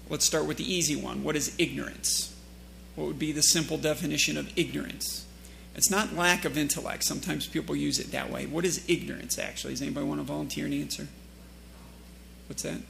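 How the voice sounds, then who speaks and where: Guy preaching in church, really gravelly voice, bit high, asks the room questions. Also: fairly bright tone, slight background noise. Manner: asks the congregation questions, joking asides. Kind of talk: sermon.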